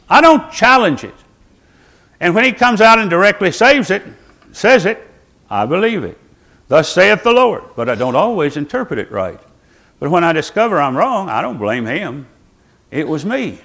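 A man's voice: high voice, big pitch swings, moderate pace, a bit bright. A man, preaching a sermon to his church while seated, with folksy asides to the congregation. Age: 80s. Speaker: pastor.

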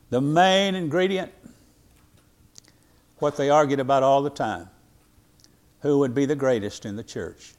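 A pastor in his eighties preaching a sermon, reading scripture in old-fashioned wording and swinging between loud emphatic lines and quiet ones. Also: mid-range voice. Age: 80s.

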